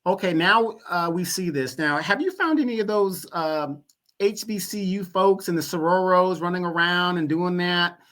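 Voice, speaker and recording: A man's voice: high-pitched, normal speed, a bit bright. A man appearing as a podcast guest, talking politics in a laid-back, conversational way. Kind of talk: casual political chat.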